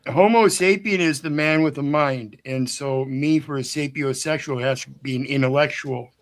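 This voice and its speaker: A man's voice: mid-range voice, moderate pace. A man joining a casual online chat, explaining himself earnestly.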